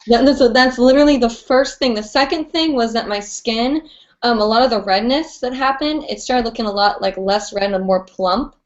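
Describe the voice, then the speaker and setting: A woman's voice: on the high side, moderate pace. A woman hosting a live online chat show, bubbly and chatty with lots of "like"s. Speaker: host. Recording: dull lo-fi stream audio.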